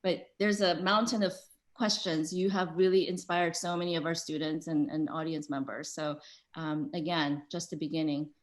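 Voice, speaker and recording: Woman wrapping up an event, lots of ums, kinda low voice. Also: fairly even intonation. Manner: halting, full of ums and uhs. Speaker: event organizer. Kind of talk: closing remarks.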